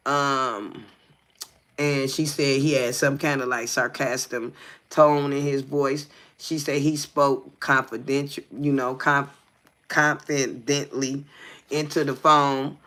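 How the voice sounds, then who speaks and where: A man's voice: medium pitch, steady tone, slow pace, bright, forceful tone. A man co-hosting a livestream, reading a text aloud with stumbles and breaking off to ask the listener "you hear me". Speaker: livestream co-host.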